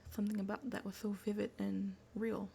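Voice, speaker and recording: A woman's voice: mid-range voice, monotone, a little fast, vocal fry, mellow, a little hiss or hum. A woman streamer reading a text horror game aloud, dropping into whispered asides between the story.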